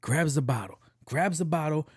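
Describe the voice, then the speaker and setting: A man hosting his own podcast, telling a story in a profane, animated way. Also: fairly high pitch, moderate pace, breathy edge, no echo, studio quality. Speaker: podcast host. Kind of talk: casual storytelling monologue.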